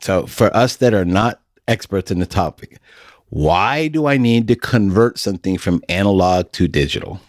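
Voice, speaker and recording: A middle-aged man hosts a casual podcast with a folksy, storytelling way of talking. His voice sits low and sounds dry and close to the mic. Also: expressive, moderate pace, no room sound. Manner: folksy, storytelling, laughs often. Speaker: podcast host.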